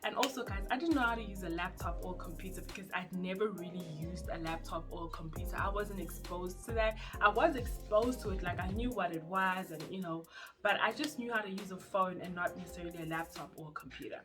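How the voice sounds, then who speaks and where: A young woman from South Africa with a South African accent, telling her story in a casual, animated vlog. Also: on the low side, fairly quick. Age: young adult. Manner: chatty and animated, acts out quoted voices. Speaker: YouTuber. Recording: music playing underneath.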